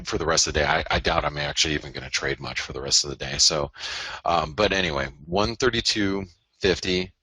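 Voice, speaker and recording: A man's voice: rumbling low, bright, forceful tone, no echo. A man hosting a live trading webinar, talking loosely and directly to viewers, with plenty of fillers. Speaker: forex webinar host. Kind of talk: casual live market analysis.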